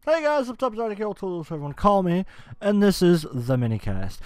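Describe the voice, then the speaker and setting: Profane, animated young man ranting. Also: high-pitched, fairly quick, heavy background noise. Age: 20s. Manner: profane, rambling with restarts. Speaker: podcast host. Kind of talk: casual rant.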